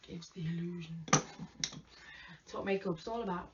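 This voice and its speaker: A woman chatting casually to viewers during a makeup tutorial, often dropping to soft murmurs. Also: mid-range voice, moderate pace. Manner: chatty, talks to viewers while applying makeup, drops to murmurs. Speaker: makeup vlogger. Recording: distant lo-fi home recording with faint hiss.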